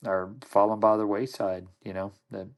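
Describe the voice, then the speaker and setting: A man's voice: fairly low pitch, flat delivery, normal speed. A middle-aged man, a podcast guest, telling old stories in casual conversation, rambling and restarting his sentences often. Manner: rambling, with frequent restarts and repeated words. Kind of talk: casual anecdotal storytelling.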